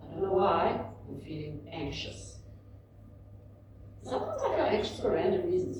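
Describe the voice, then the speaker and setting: Woman in her 50s talking at a book launch, lowish mellow voice, candid storytelling, echoey hall from a bit far off. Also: big pitch swings, normal speed, a little hiss or hum. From South Africa. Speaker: author and speaker. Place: large indoor event room. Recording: echoey hall, mic at a distance.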